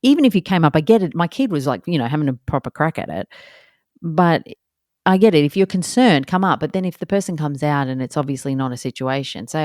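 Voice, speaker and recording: Low, warm-voiced Australian woman telling a story. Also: fast, no room sound, clean studio sound. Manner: animated, exasperated retelling with acted-out quotes. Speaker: podcast host. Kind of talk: casual storytelling monologue.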